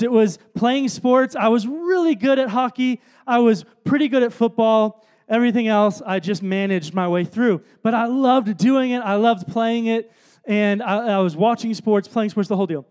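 A man's voice: very high-pitched, darkish tone. A man, giving a casual, storytelling sermon full of fillers and self-deprecating asides. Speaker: speaker at a worship event.

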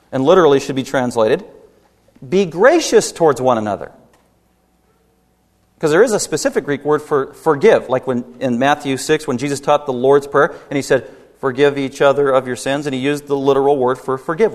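A man preaching a sermon as pastor, emphatic, rising to loud peaks and dropping low, with rhetorical questions to the congregation. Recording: long hall reverb.

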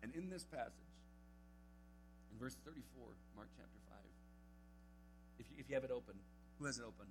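A young man giving a camp sermon to teenagers, telling a Bible story with lively acted-out quotes. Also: mid-range voice, fairly quick, long pauses, music in the background, low-quality recording. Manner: animated storytelling, acting out quotes. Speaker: camp speaker. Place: camp meeting hall.

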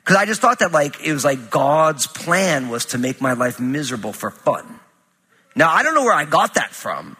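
A man's voice: fairly high pitch, sing-song, normal speed, pushed and bright, slightly rough. A man giving a sermon in a church, talking casually and telling funny family stories with lots of fillers. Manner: conversational, humorous storytelling with many fillers. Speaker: pastor. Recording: reverberant hall sound.

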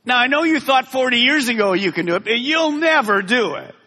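A man's voice: extremely high pitch, expressive, brisk, bright, forceful tone, voice pushed up, heavily acted. A man voicing a lying male devil who taunts and scorns, heard with the long reverb of a large hall. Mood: taunting. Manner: taunting, mocking.

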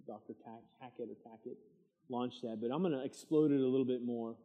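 A middle-aged man teaching a midweek church Bible study, preaching in a lively way and drawing amens from the room. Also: mid-range voice, fairly quick, narrow, tinny audio. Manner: lively preaching with call-and-response asides. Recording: long church hall reverb.

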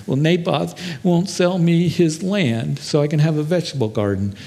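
A man's voice: a little high, normal speed, vocal fry, warm tone, in a large hall, voice pushed up. A man preaching while voicing a whining, spoiled ancient king who sulks over a vineyard. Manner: whiny, sulking.

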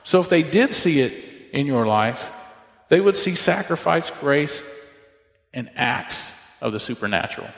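A man's voice: a little high, lively intonation, a little slow, gravelly. Preacher man in an echoing hall. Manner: storytelling, acts out dialogue with shifting voices. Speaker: pastor. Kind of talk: sermon. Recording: echoey hall with long reverb.

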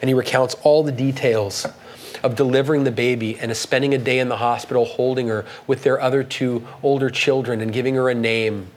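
A man preaching a sermon, earnest and halting, with many restarts, reading quoted passages with rising emphasis. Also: medium pitch, steady tone, rough recording. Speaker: pastor.

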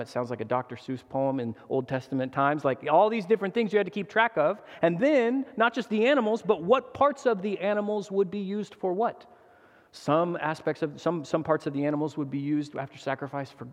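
A man in his thirties delivers a sermon as a visiting preacher, his voice sitting a little higher than most men's. He tells stories with earnest animation, tripping over and restarting his words. The sound rings out with the long reverb of a church hall. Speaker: guest preacher.

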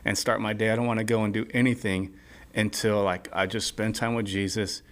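This is a man with a lowish voice, a guest on a casual podcast. He speaks earnestly about his faith. He often pauses, restarts and fills the gaps with "um" and "like.". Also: level tone. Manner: earnest, halting, many fillers.

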